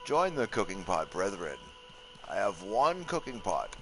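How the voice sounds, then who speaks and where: A man's voice: lowish voice, big pitch swings, unhurried, music in the background, rough recording. A man doing a pompous cooking-pot warlord. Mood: grandiose.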